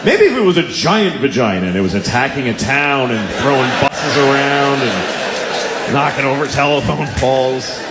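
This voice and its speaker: A man doing stand-up comedy, riffing quickly and breaking into sudden loud exclamations. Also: medium pitch, lively intonation, roomy sound, very noisy.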